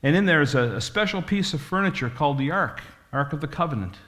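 A man's voice: fairly high pitch, expressive, quick pace, fairly bright tone, voice pushed up. A man voicing a matter-of-fact gatekeeper who patiently explains the rules.

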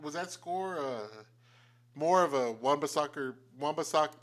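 A man's voice: on the high side, moderate pace. A man co-hosting a casual football podcast, blunt and skeptical, interrupting and swearing freely. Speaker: podcast co-host. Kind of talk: casual sports chat.

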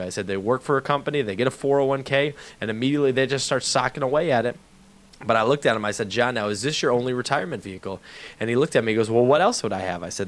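A man hosting a radio show, retelling a conversation and pitching a sponsor's offer. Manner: fast, animated storyteller who re-enacts both sides of a conversation; urgent promotional delivery.

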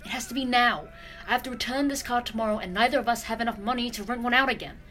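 A man's voice: extremely high pitch, fast talker, sharp tone. An actor playing a bossy, pompous male would-be robber who plans a heist like a stage show, in a comedy sketch. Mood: scheming.

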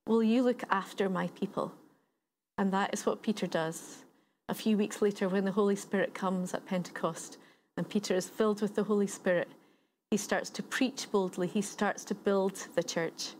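A woman's voice: medium pitch, steady tone, normal speed, a little mellow, slight background noise. A woman giving a sermon, retelling a story in a conversational way and building points through repetition. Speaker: preacher.

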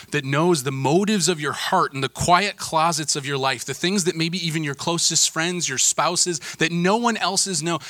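Male pastor, thirties, sermon delivery, bright forceful tone, earnest with emphatic swells. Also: a little high. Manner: earnest, building to emphatic peaks then dropping soft.

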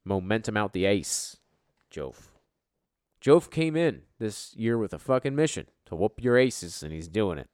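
A man hosting a casual podcast, his low voice swinging up and down with lively energy. He is brash and jokey and swears freely. The sound is close and dry, with no room around it. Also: unhurried, no echo. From US East Coast. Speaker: podcast host and league commissioner. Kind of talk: casual, profane commentary.

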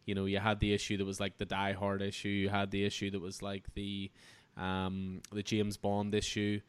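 Laid-back male host with a smooth, dry voice. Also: on the low side, normal speed, no echo. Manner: relaxed, chatty, laughs often. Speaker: podcast host. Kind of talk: casual comic book review chat.

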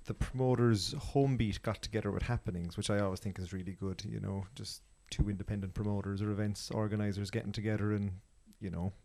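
A man's voice: on the low side, steady tone, fast, vocal fry, few pauses, a little mellow. An Irish man chatting casually on a podcast, enthusiastically reviewing a festival with many restarts. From Ireland.

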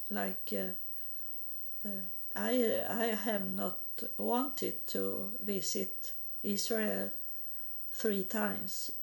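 A woman from Sweden speaking English, giving a halting personal religious testimony with repeated words and broken grammar. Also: mid-range voice, gravelly, a little mellow.

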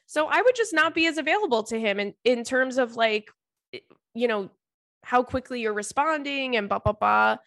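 A woman's voice: fairly high pitch, expressive, moderate pace, fairly bright tone, no echo, clean studio sound. A woman podcast host and comedian giving casual advice, chatty and blunt, swearing freely and laughing often.

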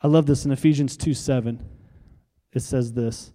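A man's voice: mid-range voice, fairly even intonation, moderate pace, mellow, big-room sound. A man pastor preaching a sermon, with emphatic repetition and call-and-response to the congregation.

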